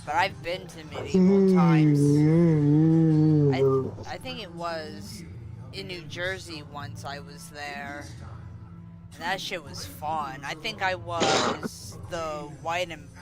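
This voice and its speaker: A man's voice: fairly high pitch, steady tone, slow, music in the background. A man chatting casually on a stream, rambling and easygoing, swearing now and then.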